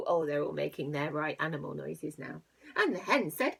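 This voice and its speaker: Gravelly woman reading to children. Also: lowish voice, takes it slowly, pauses often. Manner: animated, playful animal noises, hushed asides. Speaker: teacher. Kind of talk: reading a picture book aloud to young children.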